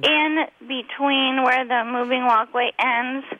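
A woman's voice: sits high, fairly even intonation, takes it slowly, muffled recording. A middle-aged woman, a comedian guest, telling rambling, giggly anecdotes in casual chat.

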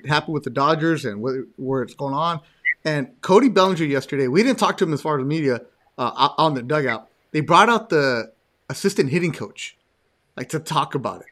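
A man with a fairly high voice hosts a casual podcast chat. He is animated and joking as he talks. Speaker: podcast host.

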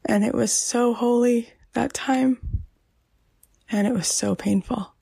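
Gravelly, husky-voiced woman speaking slowly. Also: a little high, fairly even intonation, no room sound. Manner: soft, emotional, often drops to a whisper. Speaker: podcast host. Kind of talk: personal podcast monologue.

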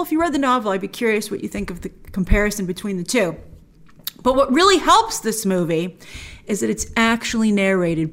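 A woman giving a casual film review to camera, chatty and animated, acting out her own reactions. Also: fairly high pitch.

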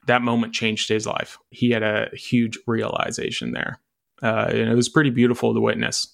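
A man from Michigan talks about running an animal sanctuary in an easygoing interview. His voice has a gravelly fry at mid pitch. He tells stories loosely, with plenty of uhs and restarts. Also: moderate pace. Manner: relaxed, storytelling, with frequent fillers. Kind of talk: casual interview talk.

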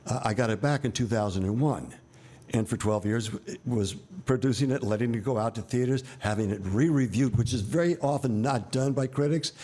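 Speaking at a fairly quick clip, this man has a mid-range voice with a dark tone. He's a US actor-director in his seventies, sharing meandering, colorful anecdotes and dry side comments in a frank interview.

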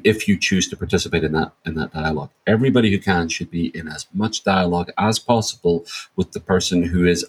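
A man's voice: low-pitched, slightly rough, low-quality recording. A man speaking as an interview guest, reflective and searching for words as he talks. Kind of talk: thoughtful interview answer.

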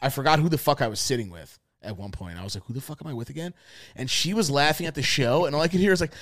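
Young male co-host, slightly high voice, animated profane storyteller who acts out the quotes. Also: no room sound, clean studio sound. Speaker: podcast co-host. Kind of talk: casual storytelling chat.

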